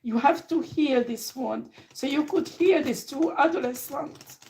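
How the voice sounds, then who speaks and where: A woman with a fairly high voice giving a tarot reading. She speaks emphatically and straight at the listener, and she swears now and then. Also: measured pace, gravelly, few pauses, darkish tone, a little hiss or hum, poor audio. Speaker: tarot reader.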